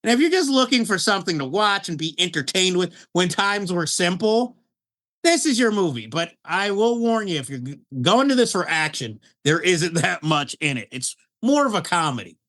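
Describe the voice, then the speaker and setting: A man co-hosting a podcast, chatting casually about a movie, animated, laughing often and restarting his sentences. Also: high voice, normal speed. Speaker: podcast co-host. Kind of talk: casual film review chat.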